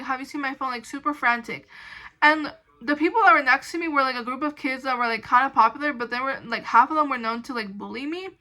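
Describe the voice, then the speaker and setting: Bright high-voiced young woman storyteller. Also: rough recording. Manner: rambling, full of "like" and restarts; indignant when recounting. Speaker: storytime vlogger. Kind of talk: casual storytime.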